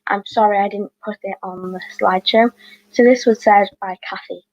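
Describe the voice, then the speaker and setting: A woman reading out quiz questions as host, with chatty, apologetic asides and quick self-corrections. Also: medium pitch, steady tone, a little mellow, no room sound, muffled recording.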